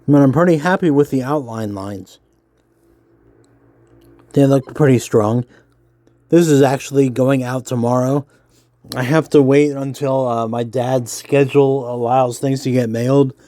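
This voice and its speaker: Man, nerdy voice, mellow tone, easygoing read-aloud with fillers. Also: mid-range voice, a little slow, pauses often, no echo, clean studio sound. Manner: self-described nerdy voice, relaxed with fillers. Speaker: comics vlogger. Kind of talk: casual reading aloud while drawing.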